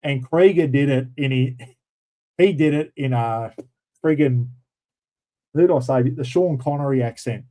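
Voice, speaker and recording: A man's voice: medium pitch, unhurried, long pauses, warm tone, poor audio. A middle-aged Australian man hosting a casual livestream chat, blunt and swearing freely, calling viewers mate. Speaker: livestream host. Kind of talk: casual live-stream chat.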